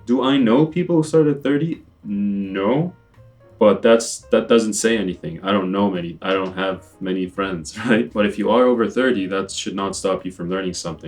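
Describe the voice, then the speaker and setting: Fast-talking joking young man, low voice. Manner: fast, joking, drops "bro" and "right?" often. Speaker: YouTube musician answering viewer questions. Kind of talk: casual Q&A chat. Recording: distant mic with faint music.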